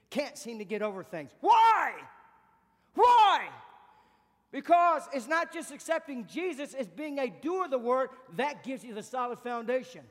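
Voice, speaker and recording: High-voiced preacher man in echoing hall. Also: a bit bright. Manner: emphatic preaching with repeated questions and spoken praise. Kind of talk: sermon.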